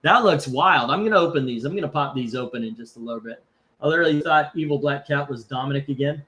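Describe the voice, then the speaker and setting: A man hosting a live comic book auction stream talks fast in a sharp, mid-range voice. He chats casually, rambling and joking as he reads out viewer comments.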